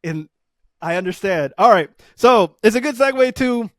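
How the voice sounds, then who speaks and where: A man co-hosting a podcast in casual chat, excitable and quick to laugh. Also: high-pitched, no room sound, studio quality. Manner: excitable, laughs often, fast bursts. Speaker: podcast co-host.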